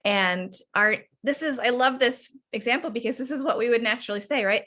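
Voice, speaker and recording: A woman coach teaching parents over a video call, her voice bright and forward. She talks in an animated way and acts out little exchanges between parent and child. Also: fairly high pitch, brisk, few pauses. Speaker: parenting coach leading a workshop. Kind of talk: online workshop teaching.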